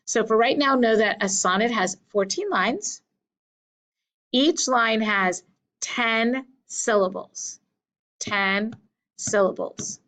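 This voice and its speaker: Unhurried woman teacher, patient, repeats stuff and taps out beats. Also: on the high side, lively intonation, a bit bright, poor audio. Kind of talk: classroom lecture.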